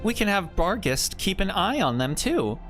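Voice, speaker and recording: A man's voice: high-pitched, big pitch swings, normal speed, a bit bright, soft background music, pitched above the performer's own voice. A man doing an upbeat curious genius woman.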